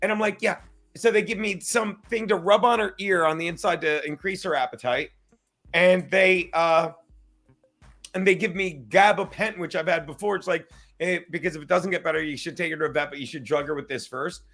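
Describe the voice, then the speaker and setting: Man, high voice, bright sharp tone, video call, rambling storyteller, swears a lot. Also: a little fast, vocal fry. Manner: rambling storytelling, swears often, acts out quotes. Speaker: drop-in guest. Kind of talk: casual chat on a live stream.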